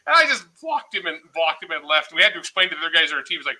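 A man as a podcast guest, telling stories in loose, profane, animated chat. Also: high voice, quick pace, poor audio. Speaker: guest author.

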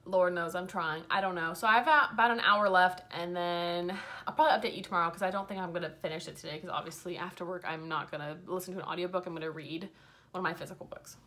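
A woman's voice: on the low side, steady tone, fast talker, sharp tone. A young woman talking casually as a book vlogger, rambling frankly, full of fillers and swearing freely. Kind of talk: casual chat.

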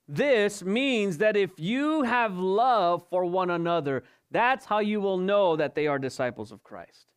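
A man's voice: high-pitched, smooth. A male pastor giving an evening sermon, asking rhetorical questions and repeating his points for emphasis. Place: church service.

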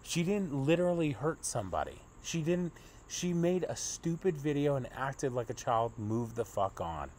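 A man's voice: medium pitch, big pitch swings, normal speed, a little mellow, a little hiss or hum. Exasperated profane young man ranting. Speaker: commentary vlogger. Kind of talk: ranting political commentary.

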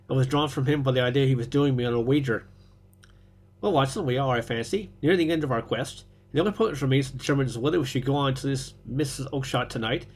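A man voicing a calm, clever male detective who speaks blandly and knowingly, in a storybook reading. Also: mid-range voice, husky.

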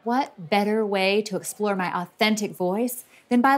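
A woman telling her own story as the lead of a comedy mockumentary, earnest and self-deprecating, awkward and halting at an audition. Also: mid-range voice. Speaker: comedic narrator and lead character. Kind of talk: deadpan mockumentary narration.

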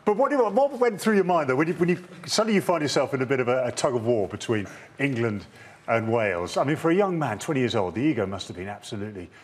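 A man's voice: mid-range voice, expressive, fast talker, slightly rough. Jokey male rugby show presenter. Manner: jokey, teasing interviewer. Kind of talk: broadcast hosting and interviewing. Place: TV studio.

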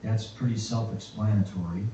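A man's voice: on the low side, fairly even intonation, warm tone, slight background noise. Man preaching in an echoey church. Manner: slow, reflective preaching, reading scripture aloud. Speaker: pastor. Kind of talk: sermon. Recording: echoey, distant, muffled church recording.

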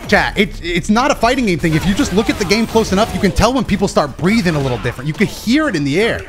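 A man streaming a fighting game, commenting live and swinging between low mumbles and excited shouts. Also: fast talker, few pauses. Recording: game music underneath.

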